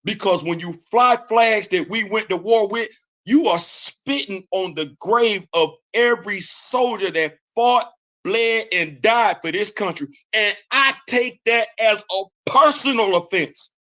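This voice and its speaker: Man, middle-aged, american, host, heated political rant, blunt, preachy, high voice. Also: measured pace, bright, forceful tone. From United States.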